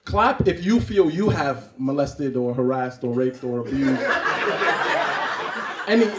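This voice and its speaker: A man from Cameroon doing stand-up comedy, animated and acting out scenes. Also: mid-range voice, unhurried. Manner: animated, acts out scenes and voices. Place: comedy club stage. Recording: roomy club, far from mic, audience laughing.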